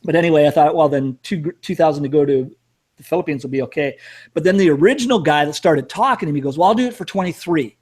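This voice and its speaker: A man's voice: fairly high pitch, fast talker, darkish tone. A middle-aged man casually telling a rambling, self-mocking travel story with some cursing. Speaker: storyteller host.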